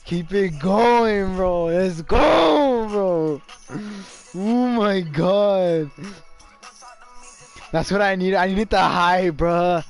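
A man streaming a game live, shouting and swearing excitedly, repeating phrases over and over. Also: high voice, very slow, pauses often, clear, resonant tone, faint music behind. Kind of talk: hyped live gaming commentary.

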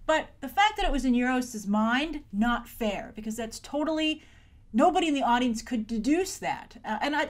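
A woman hosting a casual spoken TV review, animated, often acting out mocking voices in quotes. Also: on the high side. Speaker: film and TV reviewer, show host.

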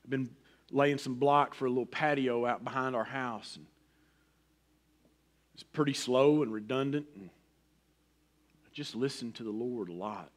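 A middle-aged man preaching a sermon in a folksy, personal way, swinging from loud emphasis to a hushed near-whisper. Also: mid-range voice, normal speed, pauses often. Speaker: pastor.

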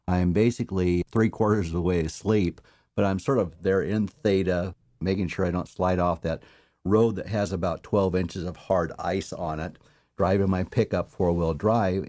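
A man teaching and counseling, telling personal anecdotes in a relaxed, conversational lecture. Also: deep voice, no room sound, studio quality. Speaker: mind-method teacher and counselor. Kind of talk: storytelling lecture.

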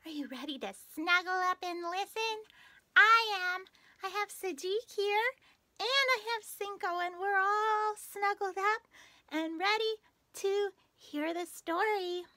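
A woman hosting a children's story time. She reads picture books aloud and talks straight to the little listeners in a slow, sing-song way. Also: very high-pitched, sharp tone.

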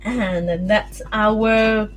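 A woman with a New Zealand accent leading a circle-time lesson for young children, with a sing-song, animated way of talking. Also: mid-range voice, very slow, soft background music. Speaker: early childhood teacher.

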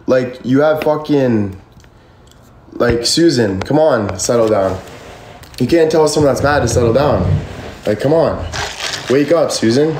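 A man's voice: mid-range voice, animated, measured pace, pauses often, a little mellow, a little hiss or hum. A young man casually chatting on a livestream and answering comments, rambling with constant "like" fillers and frequent swearing. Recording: echoey room with faint ambience.

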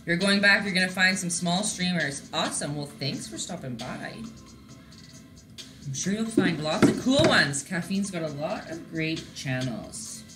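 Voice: medium pitch, lively intonation, unhurried, reverberant, over music. A host teaching a live-streamed painting lesson in a chatty, encouraging way, talking to viewers in the chat.

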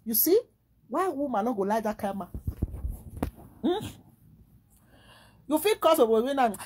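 This woman talks a little fast in a high voice and has a Nigerian Pidgin English accent. Her casual monologue is animated and rambling, and she keeps asking rhetorical questions.

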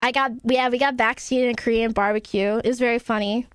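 A young woman streamer telling stories to her chat in an animated, swearing, laughing way. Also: a little high, fast talker, clean tone, no echo, clean studio sound. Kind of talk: casual stream chat to viewers.

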